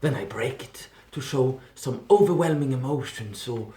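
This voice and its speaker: A man's voice: mid-range voice, moderate pace, dark tone, reverberant. A teenage boy acting in a comedy school skit, first puzzled, then explaining plainly. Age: teens. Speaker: student performer.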